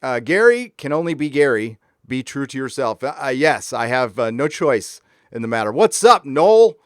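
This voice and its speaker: A man hosting a casual live stream, ranting with lots of swearing and reading out viewer messages in a warm room. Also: mid-range voice, sing-song, normal speed, no room sound, studio quality.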